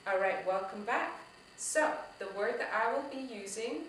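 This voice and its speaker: A woman teaching a drumming lesson to young children, slow and encouraging, talking straight to the kids. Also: fairly high pitch, animated, a bit bright. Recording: echoey room, voice from a distance.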